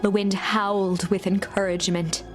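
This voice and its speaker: A woman narrating a video game in a soft, even storytelling voice, sometimes dropping to a whisper. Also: mid-range voice, normal speed, music in the background, lightly acted.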